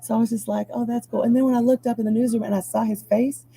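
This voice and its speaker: A woman's voice: on the high side, fairly even intonation, rapid-fire, creaky, warm tone, slightly rough, rough recording. A middle-aged woman from Chicago, a TV news anchor, telling a personal story as an interview guest and acting out the voices she quotes.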